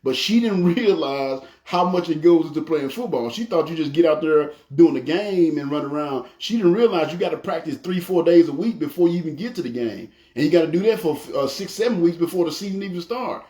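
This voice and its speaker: Middle-aged preacher, higher voice, folksy storyteller, echoey room. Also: male voice, brisk, few pauses. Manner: folksy, animated storytelling with acted family quotes. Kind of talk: conversational sermon.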